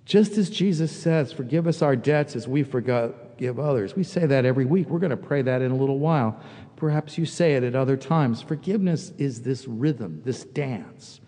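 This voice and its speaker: A man's voice: medium pitch, moderate pace, mellow. Reflective male pastor in a reverberant hall. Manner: reflective, builds to emphatic peaks. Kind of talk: sermon.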